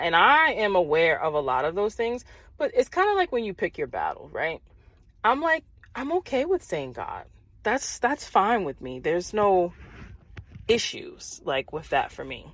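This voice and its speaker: A young adult woman talking casually and openly on her own podcast, animated and quick to laugh. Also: lowish voice, no room sound. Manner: conversational, animated, laughs easily. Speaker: podcast host. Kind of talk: casual solo podcast talk about faith.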